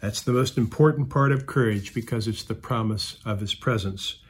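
A man preaching a sermon as pastor, reading scripture aloud and explaining it in an earnest, measured way with occasional fillers. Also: on the low side, husky.

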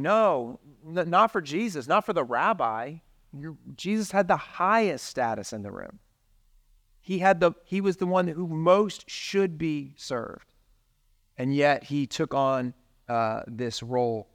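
A man's voice: fairly high pitch, unhurried, a bit bright. A man preaching, talking casually with his listeners and reading scripture aloud. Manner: conversational, reads scripture aloud. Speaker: pastor. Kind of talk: sermon.

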